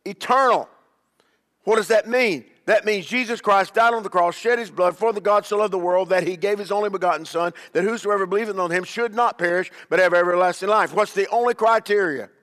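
Man, bishop, emphatic sermon, high bright voice, long hall reverb. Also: brisk. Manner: emphatic call-and-response preaching.

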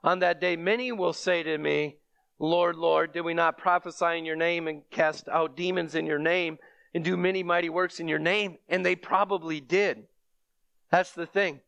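A man delivers a sermon, earnest and steady, rising into emphatic bursts when he repeats a phrase. His voice sits a little high for a man. The sound is dry and close, with no room around it. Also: normal speed, gravelly, clear, resonant tone, dry recording. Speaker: preacher.

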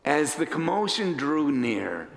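Animated storytelling preacher, echoing hall. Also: male voice, fairly high pitch, takes it slowly, creaky. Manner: dramatic, animated storyteller who acts out characters. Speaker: pastor. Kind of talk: storytelling sermon. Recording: echoey hall reverb.

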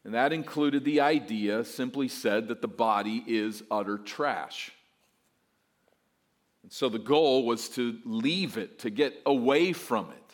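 A man's voice: medium pitch, unhurried. Pastor guy going through scripture, emphatic, acts out the doubters. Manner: emphatic, voices mock objections. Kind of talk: expository sermon.

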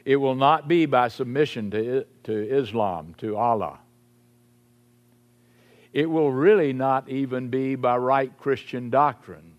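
A man delivers a sermon at an unhurried, measured pace. His voice sits at an ordinary middle pitch and sinks lower and quieter on the phrases he wants to stress. The style is emphatic preaching. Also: muffled recording. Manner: slow, emphatic preaching, dropping low on key phrases. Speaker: pastor.

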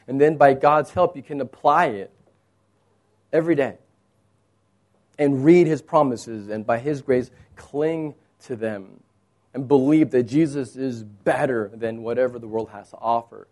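A man from Texas preaching a sermon, moving between soft low asides and raised, emphatic points. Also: measured pace. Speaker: pastor.

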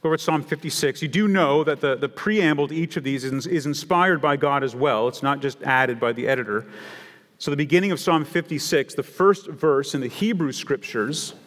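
A man's voice: a little high, fairly quick, fairly bright tone, in a large hall. A man preaching an expository sermon, building to emphatic repetition. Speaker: pastor.

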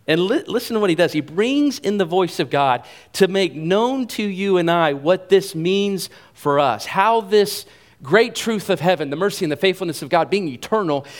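Conversational man preaching a sermon. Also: a little high. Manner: animated, conversational preaching with repeated phrases. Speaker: pastor.

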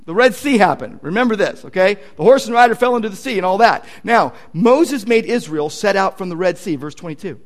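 A man's voice: sits high, expressive, fairly quick, hardly any pauses. A male pastor preaching a sermon in a conversational, emphatic way, with casual asides to the congregation.

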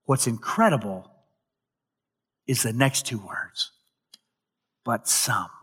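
A male pastor preaching a sermon, retelling a scripture story with dramatic emphasis and occasional loud peaks. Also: medium pitch, slow, slightly rough.

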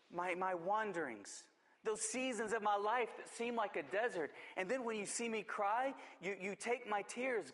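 A man preaching a sermon as pastor, swinging between urgent emphasis and hushed, drawn-out words. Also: high voice, in a large hall.

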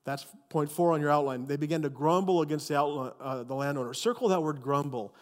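A male pastor preaching a sermon with animated, emphatic storytelling. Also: on the high side, fast, big-room sound.

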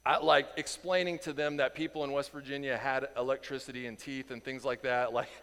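A man from Indiana teaching a Bible lesson in a casual, animated way, acting out the people in the story and chuckling as he goes. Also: medium pitch, brisk, clean tone, long reverb tail. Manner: animated, acts out quoted voices, chuckles.

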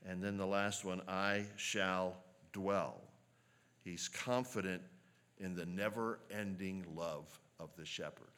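Man, pastor, sermon, very deep voice, earnest, measured, emphatic. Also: a bit bright. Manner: earnest, measured preaching with slow emphatic quotes.

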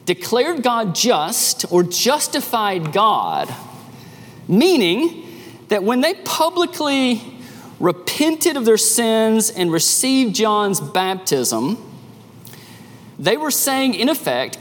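A man preaching a sermon as a pastor, with an animated delivery that rises and drops sharply. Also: high-pitched, takes it slowly, big-room sound, a little hiss or hum.

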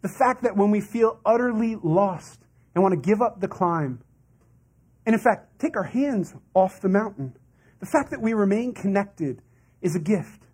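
A man's voice: high-pitched, expressive, moderate pace, darkish tone, slightly rough. A man preaching a sermon as a pastor in a conversational way, with asides and laughs.

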